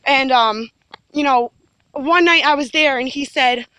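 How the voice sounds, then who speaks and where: This woman has a high voice and speaks at a measured pace, her tone pushed and bright, in poor audio with no echo. Talking to camera, she gives an earnest first-person account that rambles and repeats, full of fillers and restarts, and she sounds insistent.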